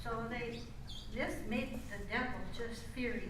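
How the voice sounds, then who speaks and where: An older woman tells folksy jokes from a stage, chatty and slow with a high, bright voice. She stops herself and restarts as she goes. The sound is from a distant mic in a very echoey hall with faint room noise. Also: fairly even intonation. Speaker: amateur performer. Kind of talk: folksy joke-telling on stage.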